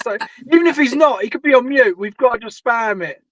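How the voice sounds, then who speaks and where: A man's voice: extremely high pitch, expressive, moderate pace, a bit bright, no room sound, lo-fi sound. A man in casual live stream chat, rambling and repeating himself, heard over a call.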